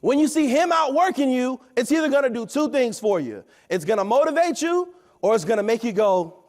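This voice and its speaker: A man in his thirties giving an energetic, preachy motivational talk at a company event, often asking "right?". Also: very high-pitched, moderate pace.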